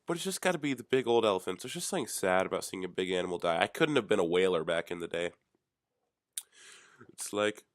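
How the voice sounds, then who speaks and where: A young man hosting a solo talk show, rambling through offhand, deadpan, jokey musings. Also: sits low, dry recording, studio quality. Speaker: podcast host.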